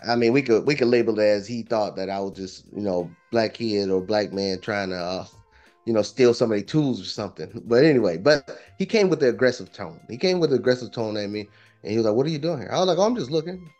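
A man, a property investor, telling a story in a relaxed, informal way and often repeating phrases. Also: lowish voice, fast talker, muffled recording, soft background music. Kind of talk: casual storytelling interview.

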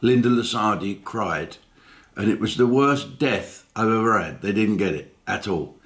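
A man with a lowish voice talks straight to camera in a loose, rambling way. He jokes at his own expense and keeps breaking off with asides and fillers, like a comedian hosting his own channel. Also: unhurried, a bit bright. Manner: chatty storytelling, full of fillers and asides; jokey and self-mocking. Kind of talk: casual chat to camera.

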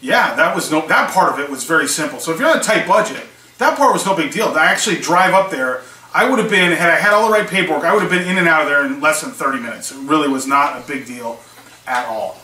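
A man's voice: on the high side, animated, quick pace, bright, forceful tone. A man casually telling a story, acting out both sides of the conversations he recounts. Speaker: small online seller vlogger. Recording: echoey room, mic at a distance, faint hiss.

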